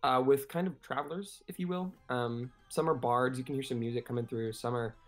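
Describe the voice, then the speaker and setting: A man's voice: mid-range voice, steady tone, faint music behind. A man narrating an improvised tabletop game as game master, rambling with many fillers. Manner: rambling, filler-heavy, fast.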